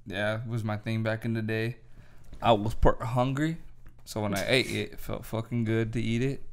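A man's voice: on the low side, level tone, moderate pace, smooth. A man co-hosting a casual podcast chat, laid-back and slangy, swearing often. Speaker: podcast co-host.

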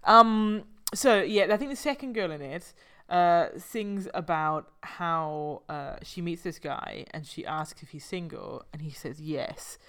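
A woman co-hosting a casual podcast chat, teasing and quick, laughing often. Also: on the low side, fairly bright tone, smooth. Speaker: podcast co-host.

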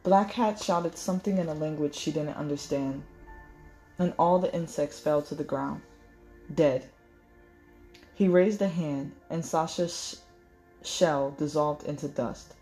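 A woman reading a novel aloud in measured storytelling, correcting small slips as she goes. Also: low-pitched, dark tone, soft background music. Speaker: audiobook reader.

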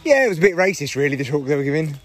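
A middle-aged man with a hoarse voice, chatting in a rambling, irritable way and swearing freely on a solo podcast recorded in a parked car. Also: fairly high pitch, sing-song, very fast. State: hoarse from shouting. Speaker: podcast host.

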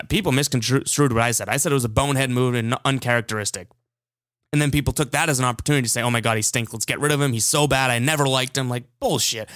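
A man's voice: mid-range voice, no echo, studio quality. A man hosting a sports podcast, talking casually and with strong opinions, often restarting his sentences. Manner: animated, opinionated, with frequent restarts. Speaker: podcast host.

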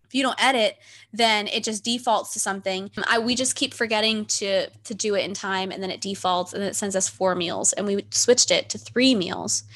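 A woman's voice: mid-range voice, moderate pace, fairly bright tone. A young woman co-hosting a casual podcast, chatty and giggly, rambling through stories. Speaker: podcast co-host. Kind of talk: casual chat.

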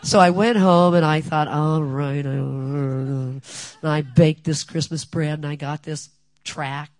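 At a women's gathering, an older woman shares a personal testimony as an animated storyteller full of lively asides. Her deep voice moves slowly, and the recording has no room sound.

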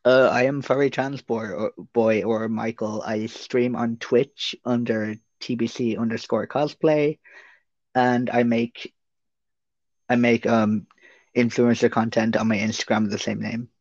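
A man's voice: mid-range voice, fairly even intonation, measured pace, a little mellow, no room sound. A young Irish man, a guest on a podcast, talking casually and rambling with lots of hesitations. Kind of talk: casual interview chat. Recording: dry, muffled lo-fi audio.

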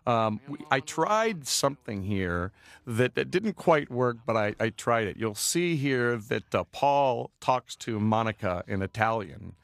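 A film director giving a loose, rambling commentary track with lots of filler words. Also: male voice, lowish voice, gravelly, no room sound.

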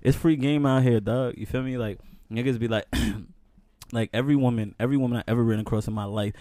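A man's voice: mid-range voice, fairly even intonation, a little fast, dark tone, no room sound. A young man telling stories on a casual podcast, often saying "man, listen" as he gets going. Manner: storytelling, repeats "man, listen" and "you know what's so crazy". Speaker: podcast co-host. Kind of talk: casual chat.

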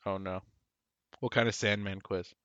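A man's voice: low-pitched, fairly even intonation, normal speed, pushed and bright, smooth, dry recording, lo-fi sound. A man co-hosting a podcast in casual, joking banter, swearing easily. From Canada (Toronto). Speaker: podcast co-host.

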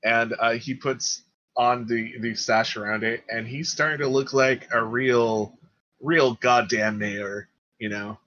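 A man narrating as game master of a tabletop game, in an animated, chuckling way. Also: medium pitch, takes it slowly. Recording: dull lo-fi sound.

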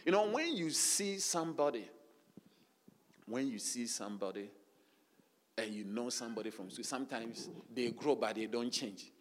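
A man's voice: mid-range voice, expressive, normal speed. Emphatic male preacher in a reverberant hall. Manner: emphatic, repetitive call-and-response with frequent hallelujahs. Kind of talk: sermon. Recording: long reverb of a large hall.

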